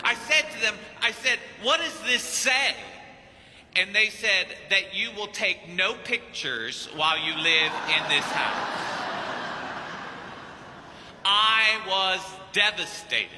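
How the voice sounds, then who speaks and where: A priest from Kentucky tells a sermon story with lively acted-out dialogue. His high voice has a sharp, bright edge. It carries with a long, ringing church reverb. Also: takes it slowly, long pauses. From Kentucky, United States. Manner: animated storyteller who acts out dialogue. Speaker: priest and missionary preacher. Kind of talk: anecdotal sermon.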